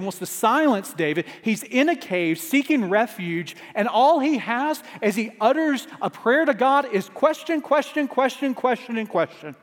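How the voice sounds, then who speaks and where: High-voiced man preaching in a reverberant hall. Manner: earnest preaching, rising urgency on repeated refrains. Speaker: pastor. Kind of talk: sermon.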